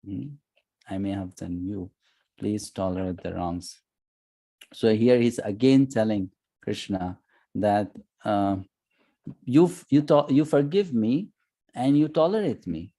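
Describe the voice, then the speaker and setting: A man teaching an online scripture class, talking conversationally with frequent "you know" and "hmm", and chanting verses slowly. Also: fairly low pitch, warm tone. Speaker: course teacher. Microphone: online class audio.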